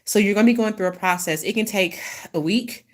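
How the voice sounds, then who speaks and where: A woman's voice: mid-range voice, fairly quick. A woman hosting a casual channeled reading, rambling, with many restarts and apologies. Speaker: intuitive reader, host.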